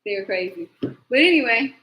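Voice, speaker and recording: Live-stream host, woman, high bright voice, loose storytelling with laughs and cursing, echoey room. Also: moderate pace. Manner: animated storyteller, laughs often, swears. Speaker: tarot reader hosting live stream. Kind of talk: rambling live-stream chat.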